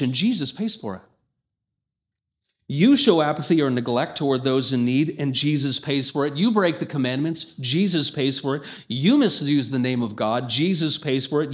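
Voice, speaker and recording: A man preaches a sermon with an emphatic delivery. His voice sits at an ordinary male pitch and climbs higher and louder when he reads scripture aloud.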